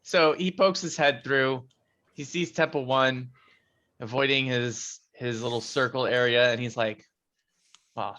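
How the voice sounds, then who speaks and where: A man playing a tabletop game, narrating his character's turn slowly with hesitations. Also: medium pitch, steady tone, bright, forceful tone, lo-fi sound. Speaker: player. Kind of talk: casual tabletop play.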